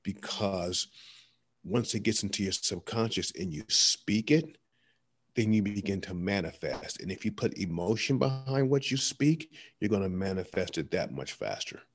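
A man's voice: low-pitched, animated, normal speed. A man, a motivational speaker, talking as a guest in an interview, emphatic and repetitive, telling stories with energy. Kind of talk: conversational interview, preaching.

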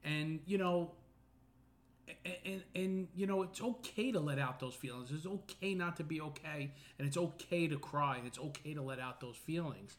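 Middle-aged male podcast host, earnest and rambling, voice sits a bit high. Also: normal speed. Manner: earnest, many fillers and restarts. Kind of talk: casual personal monologue.

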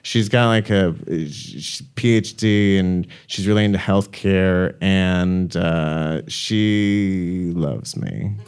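Guest, male, thirties, unhurried and rambling, frequent laughs, casual late-night chat. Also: deep voice, darkish tone, clean tone. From Arizona.

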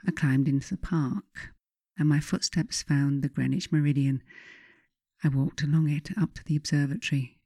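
A woman author reading her own memoir aloud in a measured, reflective way. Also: low voice, warm tone, dry recording, clean studio sound. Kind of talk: memoir audiobook narration.

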